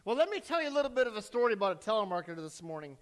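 A man's voice: high voice, sing-song, very fast. A male pastor giving a sermon, reading scripture, praying and asking the congregation questions in a conversational way. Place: church.

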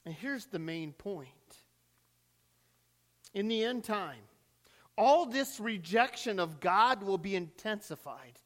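A man preaching a sermon as pastor, swinging between rising cries and hushed drops, recorded in a church sanctuary. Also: high voice, expressive, slow pace, pauses often, long reverb tail.

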